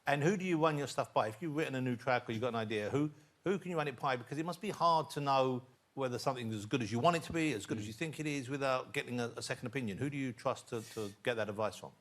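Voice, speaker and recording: A man's voice: medium pitch, fast. A man hosting a chat show, asking his guests playful, teasing questions. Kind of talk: talk show interview. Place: TV studio with audience. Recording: noisy studio.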